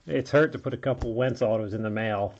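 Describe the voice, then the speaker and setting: A man's voice: lowish voice, brisk, darkish tone, muffled recording, slight background noise. A man hosting a card break, chatting casually as he calls out each card he pulls and sounding a little under the weather. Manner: running play-by-play of pulls, chatty asides. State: feeling unwell. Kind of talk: casual card-opening commentary.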